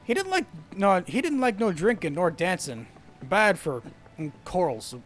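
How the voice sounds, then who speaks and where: A man voicing a boastful, rambling drunken sailor who talks in rough old sea dialect. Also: sits high, huge pitch swings, measured pace, heavily acted. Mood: boisterous.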